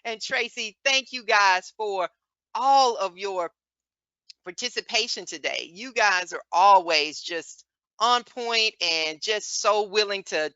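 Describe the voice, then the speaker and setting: A woman with a Southern US accent leads an online class in a bright, sharp-edged voice, checking in constantly with her students. The sound is dry and close, with a dull lo-fi quality like a web meeting. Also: on the high side, dry recording. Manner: tags nearly every point with "okay?" or "all right?". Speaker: medical coding instructor. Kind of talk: live online class lecture.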